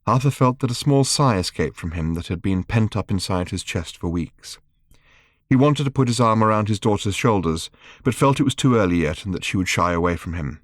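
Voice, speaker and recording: A man reading his own book aloud as an audiobook narrator, in a wry, measured storytelling manner. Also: on the low side, expressive, dry recording, studio quality.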